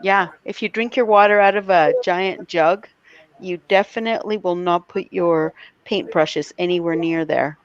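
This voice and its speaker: A woman's voice: lowish voice, normal speed, no room sound, muffled recording. A middle-aged woman hosting a live art show in casual chat, laughing often.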